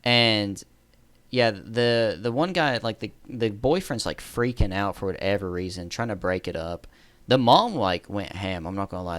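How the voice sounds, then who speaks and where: A man's voice: lowish voice, fairly bright tone, dry recording. A man telling a story in a casual storytime monologue, rambling, correcting himself and laughing at his own story. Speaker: storyteller vlogger.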